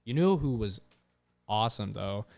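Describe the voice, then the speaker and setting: A young man hosting a podcast, telling stories in a casual, profane, animated way. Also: on the low side, moderate pace, vocal fry. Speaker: podcast host. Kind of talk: casual chat.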